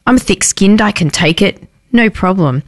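A woman's voice: mid-range voice, expressive, unhurried, dry recording, studio quality. A woman hosting daytime radio in a chatty, self-deprecating way, with a slightly sore throat. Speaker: radio host. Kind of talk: casual radio chat. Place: radio station airlock.

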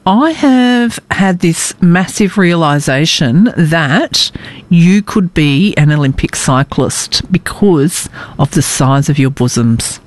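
A woman's voice: sits low, expressive, takes it slowly. A woman hosting a radio show, chatting casually and joking with fillers. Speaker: radio host.

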